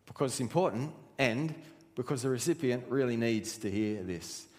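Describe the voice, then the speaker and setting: Pastor preaching in an echoing hall. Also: male voice, mid-range voice, animated, normal speed. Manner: earnest preaching, full of rhetorical questions. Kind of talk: sermon. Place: church hall. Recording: reverberant church hall.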